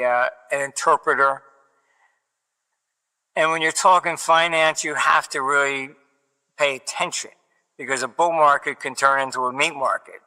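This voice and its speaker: An older man talks through his stories at a relaxed ramble, wandering off on tangents with dry humor. His voice is very bright and clear. A long reverberant room tail trails behind him. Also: medium pitch. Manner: digressive storyteller, wry and matter-of-fact. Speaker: interview guest, market forecaster. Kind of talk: rambling anecdotal interview talk.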